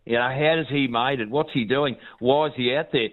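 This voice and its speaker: A man's voice: mid-range voice, moderate pace. A man talks sport with cheerful enthusiasm, doubling back on his own phrases. He comes through a thin, tinny phone line. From Australia. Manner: enthusiastic, repeats himself. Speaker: regular sports guest. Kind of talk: casual sports chat.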